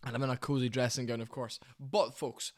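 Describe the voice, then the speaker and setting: A man's voice: mid-range voice, fairly even intonation, fairly quick, no echo, studio quality. A man giving rambling, candid boxing commentary at home, full of fillers and restarts. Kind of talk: casual opinionated commentary. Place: warm room at home.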